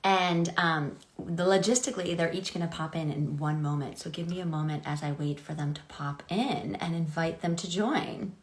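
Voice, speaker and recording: A woman's voice: sits low, moderate pace, hardly any pauses. A woman from Chicago hosting a live online wine tasting from her home kitchen over a video call, chatty and upbeat, talking through the setup as she goes. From Chicago area. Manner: chatty, upbeat, thinks aloud through logistics. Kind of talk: casual live-stream chat.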